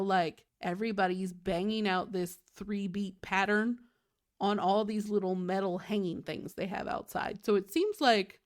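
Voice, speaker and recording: A woman hosting a podcast, recapping a show in chatty casual talk packed with "like". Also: mid-range voice. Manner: chatty, fills with "like" constantly. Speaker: podcast host.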